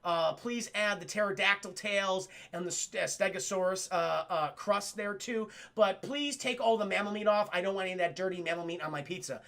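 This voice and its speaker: A man's voice: high-pitched, brisk, creaky, few pauses, a bit bright. A man voicing a pompous, sneering male reptile villain king who is fussily ordering a pizza. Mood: fussy.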